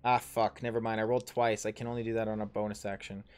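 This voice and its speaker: A man's voice: fairly low pitch, flat delivery, fast, clear, resonant tone, soft background music. A man in his thirties narrating a tabletop game as game master and player, rambling with many ums and self-corrections, and swearing casually. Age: 30s.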